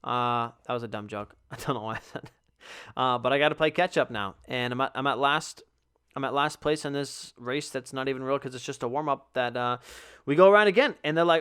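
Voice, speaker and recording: A man's voice: medium pitch, fairly quick, fairly bright tone, clean tone. A young man hosting a podcast, telling a rambling, profane, self-mocking story about being bad at sports in a casual solo chat. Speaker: podcast host.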